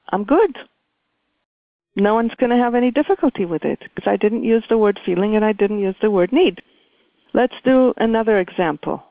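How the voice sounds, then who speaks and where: A woman leading a communication workshop, speaking in a measured, deliberate way with many pauses. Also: mid-range voice, no room sound. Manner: measured, deliberate, pausing often. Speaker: workshop facilitator. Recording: dry, phone-like line.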